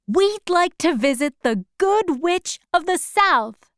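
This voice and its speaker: An earnest young girl far from home, as a woman reads her, speaking high above the narrator's own voice in a slow, carefully paced storybook. Her lines come out sincere and bright, with lots of lift in the pitch. The sound is close and dry. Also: lively intonation, no room sound, heavily acted.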